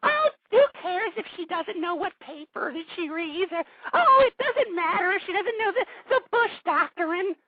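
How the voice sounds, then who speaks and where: A man voicing a starstruck, airheaded female fan in a mocking sing-song falsetto. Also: lively intonation, normal speed, few pauses, no room sound, phone-quality sound. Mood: mocking gush.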